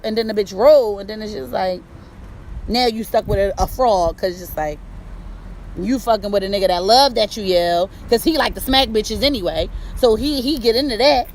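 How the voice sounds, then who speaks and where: A woman talks loud and blunt, swearing freely as she gives relationship advice in a streetwise, conversational way. Her voice sits a little high. Faint city traffic hums behind her outdoors. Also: a little fast, low-quality recording. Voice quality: loud-talking. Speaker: host. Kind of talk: casual relationship advice talk.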